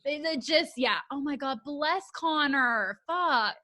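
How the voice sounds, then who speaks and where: A woman hosting a podcast in casual chat, laughing often, reacting quickly and swearing casually. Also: high-pitched, expressive, bright, forceful tone. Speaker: podcast host.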